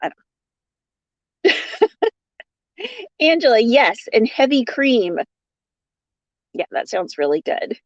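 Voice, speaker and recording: A woman's voice: on the high side, wildly swooping pitch, drawn-out words, pauses often, no room sound. A woman hosting a casual crochet livestream, chatting and laughing as she greets viewers by name and reads their comments. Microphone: phone. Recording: dull lo-fi sound.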